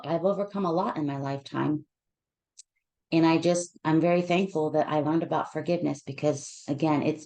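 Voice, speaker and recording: A counselor sharing a personal story with listeners, emotional and near tears, talking in a heartfelt, halting way with many restarts. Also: female voice, low voice, darkish tone.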